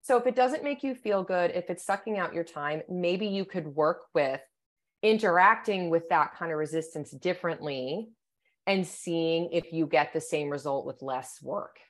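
Woman, psychologist guest, low-ish voice, careful explanations, podcast interview. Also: moderate pace. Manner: thoughtful, explanatory, many "you know" and "right?".

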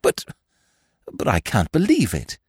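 A man voicing an astonished, gentle young woman in a storybook reading, asking high startled questions. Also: huge pitch swings, a little slow, slightly rough, dry recording, clean studio sound, exaggerated voice.

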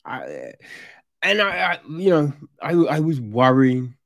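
A man's voice: fairly high pitch, wildly swooping pitch, takes it slowly, dry recording, studio quality. A man casually reviewing a TV series, rambling with fillers and restarts and growing exasperated as he rants. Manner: grows exasperated and loud when ranting.

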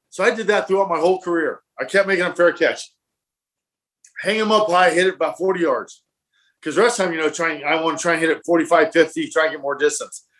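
A man, a former professional football punter, telling animated stories in casual conversation and acting out the quotes. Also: a little high. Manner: animated, acts out quotes and laughs. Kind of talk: casual storytelling.

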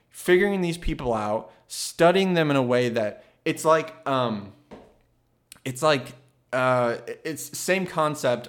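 A man talking in a casual, reflective monologue, earnest and thinking aloud, with frequent restarts. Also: mid-range voice.

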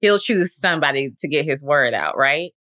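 A woman hosts a faith podcast in an earnest, conversational manner, sprinkling her talk with fillers. Her voice sits low and sounds forceful. The recording is dry and close. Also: lively intonation, moderate pace, no room sound. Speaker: podcast host.

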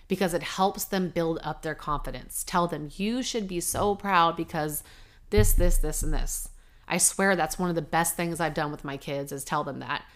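Earnest middle-aged mom host, candid solo chat, laughs easily, slightly low voice. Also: female voice. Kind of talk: casual monologue.

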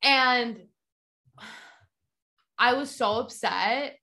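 Bright, emphatic woman. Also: a little high, extremely slow, creaky. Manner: emphatic and heated, stressing how upset she was. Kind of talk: casual storytelling chat.

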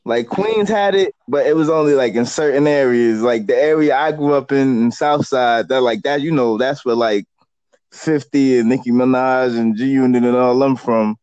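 A man's voice: mid-range voice, moderate pace, darkish tone, smooth, no echo, lo-fi sound. A man, a podcast guest chatting casually and telling rambling stories. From New York. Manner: laid-back, rambling storyteller.

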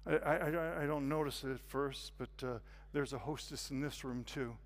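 A man giving a sermon as a guest speaker, telling a story and shifting from hushed to loud. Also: medium pitch, normal speed. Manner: animated, confessional, swings from hushed to loud. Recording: long reverb of a hall.

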